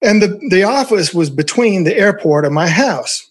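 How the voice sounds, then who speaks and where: This is a man with a slightly high-pitched voice who spins a long anecdote from his years promoting records. He tells it in a casual, animated way and laughs often along the way. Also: normal speed, slightly rough. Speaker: former record label promoter. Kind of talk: storytelling in casual conversation.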